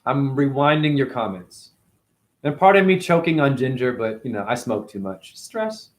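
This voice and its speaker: A man's voice: medium pitch, big pitch swings, normal speed. A man hosting a casual livestream, reading viewer comments aloud and rambling in loose, slangy talk.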